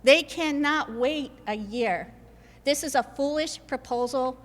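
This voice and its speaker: A woman state senator speaks at a press conference with emphatic, list-driven delivery. Her fairly high voice carries a long reverb that rings through a large hall. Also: measured pace. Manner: emphatic, builds points in repeated lists. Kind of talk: political press conference speech. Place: indoor government building hall.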